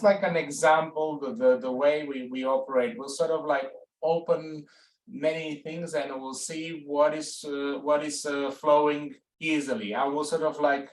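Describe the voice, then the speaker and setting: A man's voice: on the high side, roomy sound, recorded from a distance, rough recording. A man co-hosting a webinar, talking hesitantly with many fillers and restarts. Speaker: webinar co-host. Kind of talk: webinar talk.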